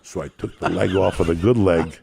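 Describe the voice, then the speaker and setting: A man telling crude, profane comic stories on a podcast in a rambling, raucous way, with a gravelly, raspy voice. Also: deep voice, fairly even intonation, fairly quick, a little mellow, slight background noise. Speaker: podcast guest.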